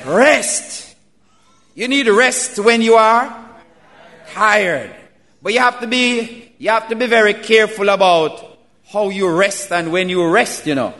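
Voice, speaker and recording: A man preaching a sermon, slow and emphatic, building to loud calls. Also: sits high. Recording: reverberant hall.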